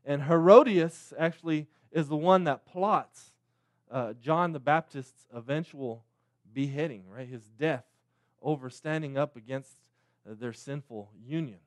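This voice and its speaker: A man in his thirties preaching a sermon as a pastor, with a halting delivery, frequent restarts, repeated words and tag questions. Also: fairly high pitch, dry recording, studio quality.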